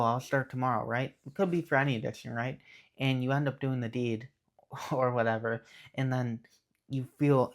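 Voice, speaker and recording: A young man giving a casual, earnest faith talk to his viewers, often checking in with "okay". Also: mid-range voice. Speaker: Christian YouTuber.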